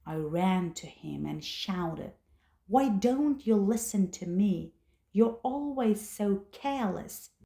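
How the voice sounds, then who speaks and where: A woman slowly narrating a first-person story for English learners, with a deliberate storytelling manner. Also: medium pitch, creaky, dark tone, reverberant.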